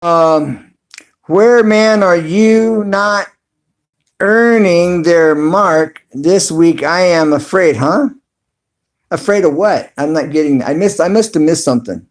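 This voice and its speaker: A man hosting a casual livestream, reading viewer comments aloud with lots of fillers and little chuckles. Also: high voice. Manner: reads chat aloud haltingly with many fillers and chuckles. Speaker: livestream host.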